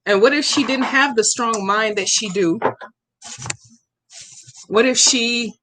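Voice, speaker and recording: A woman's voice: on the high side, slow, very noisy. A woman hosting a live stream, chatting casually with viewers by name and talking back to their comments in a blunt, profane, outspoken way.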